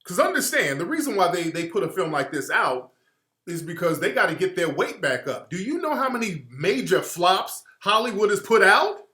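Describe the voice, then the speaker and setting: Middle-aged guy ranting on his radio show, profane and animated, kinda high voice, room echo. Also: normal speed. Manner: blunt, profane and animated, mimics others in quoted voices. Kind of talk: opinionated radio commentary.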